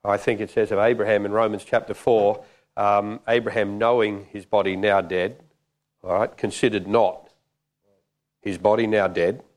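A man's voice: lowish voice, flat delivery, normal speed. A man preaching a jokey, conversational sermon.

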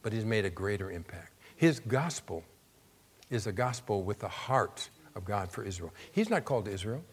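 A male preacher delivering a sermon, talking easily and stopping to check that the audience is following. When he reads scripture his voice climbs and gets louder and more emphatic. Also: on the low side, big pitch swings, normal speed, slightly rough. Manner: conversational, asks the audience questions.

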